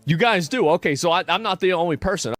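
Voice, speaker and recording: A man's voice: high-pitched, animated, fast talker, a bit bright, slight background noise. A man streamer talking animatedly to his chat.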